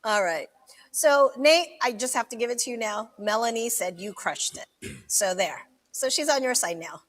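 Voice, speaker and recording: A woman's voice: a little high, expressive, moderate pace. Giggly upbeat woman radio host. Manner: laughs easily, upbeat, leads the game. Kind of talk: live radio game show hosting.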